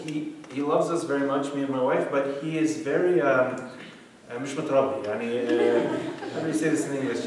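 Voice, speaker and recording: A man's voice: medium pitch, noisy background. A man in his thirties giving a casual, joking talk to a youth group, full of "like" and "okay". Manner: chatty, jokey storytelling with frequent "like" and "okay". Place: church meeting room. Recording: echoey room from a distant mic.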